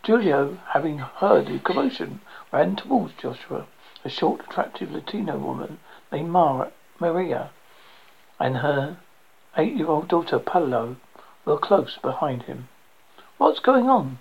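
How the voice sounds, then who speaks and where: Gravelly audiobook reader. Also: medium pitch, expressive, unhurried, highs cut off. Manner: plain reading with restarts. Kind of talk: audiobook narration.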